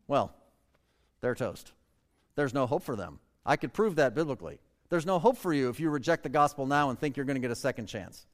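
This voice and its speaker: A male pastor delivers an emphatic sermon in a high, smooth, resonant voice. He slows right down to hammer home key phrases. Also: in a large hall.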